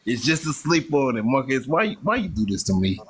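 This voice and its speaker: A man's voice: medium pitch, very animated, brisk, fairly bright tone, husky. A man co-hosting a casual group podcast, easygoing and often repeating himself.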